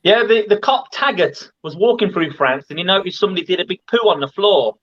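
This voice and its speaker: High-pitched giggly man, lo-fi call. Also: lively intonation, brisk, fairly bright tone. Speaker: pun contestant. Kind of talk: joking banter.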